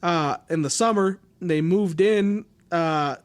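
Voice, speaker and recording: A man's voice: sits high, takes it slowly. A man hosting a podcast, casually recounting a murder case, swearing and joking, while feeling under the weather. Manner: reads case notes loosely, swears, laughs often. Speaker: podcast host. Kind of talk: casual true-crime chat.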